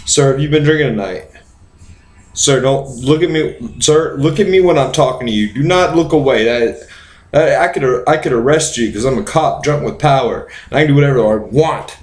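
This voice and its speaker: A man's voice: medium pitch, normal speed, close to an everyday voice. A man doing a bullying, power-drunk cop. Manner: demanding, repeats questions, threatening. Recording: roomy echo.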